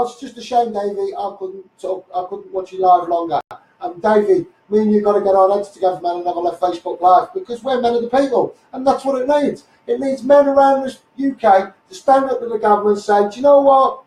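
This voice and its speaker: A man's voice: sits high, darkish tone, reverberant, distant mic, rough recording. A man with a Scouse accent ranting bluntly on a live stream, often asking "you know what I mean". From Liverpool, England.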